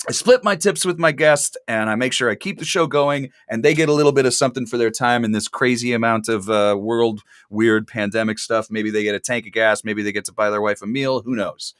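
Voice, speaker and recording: A man from Texas hosts a casual online talk show in an easygoing ramble. His humor is dry enough to pass for serious. His voice sits at a middle pitch and sounds close and dry. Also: brisk, hardly any pauses, fairly bright tone, clean tone, dry recording. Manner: chatty, dry sarcastic humor. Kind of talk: casual chat.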